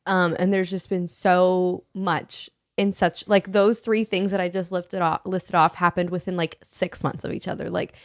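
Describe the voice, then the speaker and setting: A woman with a somewhat low voice talks openly and conversationally as a podcast co-host. Her speech is full of casual fillers and is recorded dry and close. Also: flat delivery, moderate pace, few pauses, no room sound. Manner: candid, chatty, many fillers. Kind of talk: casual faith podcast chat.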